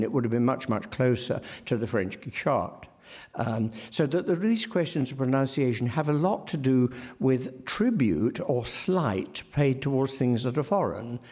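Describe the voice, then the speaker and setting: A male literary scholar giving an academic lecture in a wry, digressive way, with frequent ums and self-corrections, slowing down to carefully sound out example words. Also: mid-range voice, a little mellow.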